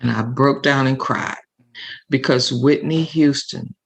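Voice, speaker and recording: An older woman, a guest comedian, telling a story with feeling and acting out other people's words in lively voices. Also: a bass voice, measured pace, vocal fry, breathy edge. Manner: animated storyteller acting out quotes. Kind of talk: emotional storytelling.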